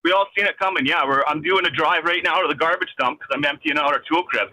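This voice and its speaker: A man's voice: on the high side, quick pace, pushed and bright. A man on a phone call from his vehicle, ranting in an agitated, rambling, swearing way with many restarts. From Canada. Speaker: caller. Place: in a vehicle driving.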